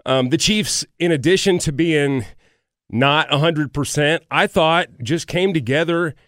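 Sports show regular, man, slightly high voice, upbeat rambler, dry close sound. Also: measured pace, fairly bright tone, dry recording. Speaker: sports radio regular, nicknamed Coach. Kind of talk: casual sports talk.

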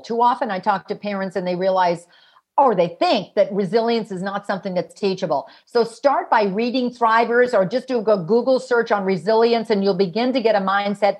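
A middle-aged woman, a parenting author, telling stories in an interview and acting out the voices of the people in them. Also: medium pitch. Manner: acts out voices of children and parents in her stories. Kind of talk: animated storytelling interview.

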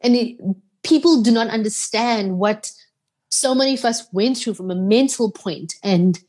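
A woman's voice: a little high, normal speed. A South African woman from Durban, a radio presenter, telling heartfelt stories in an interview and acting out the quotes. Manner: heartfelt, animated retelling with acted-out quotes. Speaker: radio presenter, podcast guest. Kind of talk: emotional interview storytelling.

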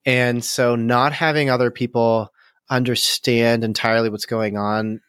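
Thoughtful, halting man, dry close sound. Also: mid-range voice, flat delivery, a bit bright, clean tone, no echo. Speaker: podcast co-host. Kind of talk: casual movie review chat.

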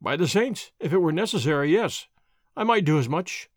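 A man's voice: fairly high pitch, lively intonation, moderate pace, dry recording, studio quality. A man reading the part of a lazy, ironic young nobleman in an audiobook, drawling and mildly mocking. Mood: languid.

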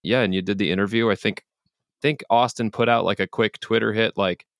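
A man's voice: fairly low pitch, fairly even intonation, brisk, dry recording, clean studio sound. A man co-hosting a podcast, easygoing and agreeable in casual chat. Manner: easygoing, agreeable, fills in with yep. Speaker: podcast co-host and player.

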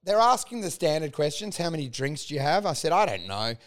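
High-voiced man telling a wild story. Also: a little fast. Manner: animated, laughing storyteller who acts out quotes. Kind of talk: casual storytelling chat.

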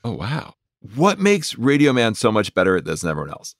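A man's voice: on the low side, wildly swooping pitch, fairly quick, dry recording, clean studio sound. A man hosting a podcast, curiously questioning his guest. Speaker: podcast host. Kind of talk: interviewing.

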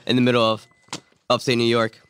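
A man's voice: medium pitch, completely flat delivery, fairly quick, a bit bright, smooth, no room sound. A man hosting a podcast in casual chat, joking and laughing often. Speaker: podcast host.

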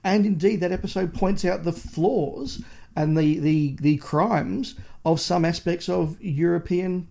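A man's voice: sits high, steady tone, a little slow, creaky, mellow. A man co-hosting a podcast, reviewing in casual chat with a passionate, opinionated ranting manner. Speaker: podcast co-host.

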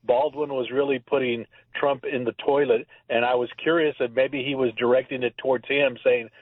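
A man's voice: mid-range voice, steady tone, normal speed, no echo. Chatty male caller on a phone line. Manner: chatty, insistent, repeats himself. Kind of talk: call-in radio talk.

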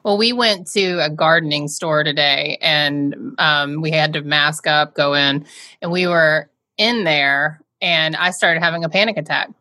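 Lower-pitched, bright woman podcast host. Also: a little slow, dry recording. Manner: chatty and self-deprecating, laughs easily. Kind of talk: casual conversational interview.

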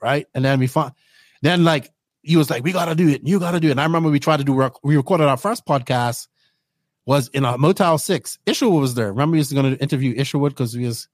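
A man's voice: a little high, fast, no echo, studio quality. A man from Bermuda, casually rambling through his own story in an interview and often tagging his sentences with "right?". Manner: rambling, tags lines with "right?". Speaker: podcast host telling his story.

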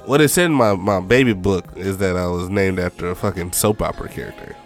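Joking young man with a low voice. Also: faint music behind. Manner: joking, quick interjections. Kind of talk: casual chat.

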